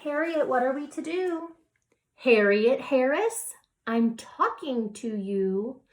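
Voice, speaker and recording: A woman's voice: high voice, lively intonation, voice pushed up. A woman doing a patient, exasperated mom. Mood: pleading sing-song. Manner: pleading sing-song, drawn-out. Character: patient mother of a messy girl, exasperated.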